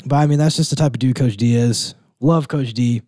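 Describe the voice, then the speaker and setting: A young man co-hosting a casual college sports podcast, relaxed and rambling, full of fillers and quick laughs. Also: medium pitch, no echo, clean studio sound. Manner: relaxed, rambling, laughs often, says "like" and "dude".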